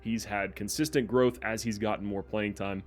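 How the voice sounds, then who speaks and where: Low-voiced man chatting over gameplay. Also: moderate pace, faint music behind. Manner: relaxed, chatty, many fillers. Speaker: gaming YouTuber. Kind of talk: casual gameplay commentary.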